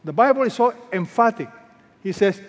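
In a big church hall, a Filipino-accented pastor delivers an emphatic sermon, hammering on repeated phrases and throwing rhetorical questions at his listeners. His voice is high and lively in intonation, paced at normal speed, and the large space adds a long reverb.

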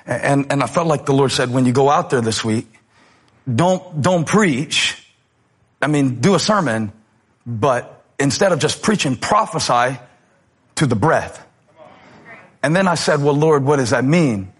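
A man preaching a sermon as pastor, animated, moving between loud passages and quiet ones. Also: mid-range voice, a little slow, pauses often, slightly rough.

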